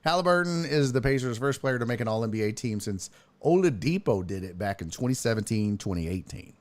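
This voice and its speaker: Lively man, casual sports talk, profane, jokey, reads chat aloud, desk mic. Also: mid-range voice, a little fast. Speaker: sports talk show host.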